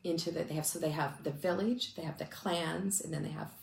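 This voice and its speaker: Woman speaker w low gravelly voice, rambly chatty storytelling, kinda teary, echoey room. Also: steady tone, a little fast. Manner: chatty, many restarts and fillers. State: emotional, close to tears. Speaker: ministry speaker. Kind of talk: casual storytelling talk. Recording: echoey room with faint noise.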